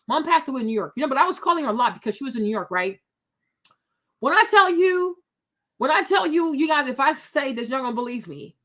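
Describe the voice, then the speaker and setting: In a chatty, animated manner, a middle-aged woman hosting for viewers tells them a story about herself. Her voice is high, and she keeps breaking into asides before turning quickly back to her listeners.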